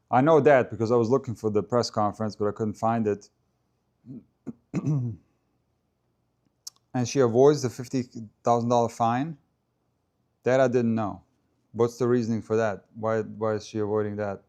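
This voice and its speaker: A man's voice: medium pitch, steady tone, moderate pace, pauses often, mellow. A man hosting a live stream, chatting casually about a tennis match and answering viewers' comments as he goes. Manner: chatty, stops to answer viewer comments and try out name pronunciations.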